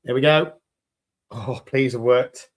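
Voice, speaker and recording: A man with a British accent chatting enthusiastically on a live stream while demolding resin pieces, a little croaky after hours of talking. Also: medium pitch, fairly even intonation, takes it slowly. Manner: chatty and enthusiastic, greeting viewers.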